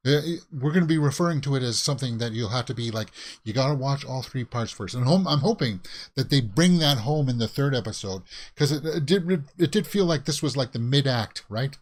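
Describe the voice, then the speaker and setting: A man hosting a reaction video, reviewing a show in a casual, rambling way, thinking aloud with many fillers. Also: mid-range voice.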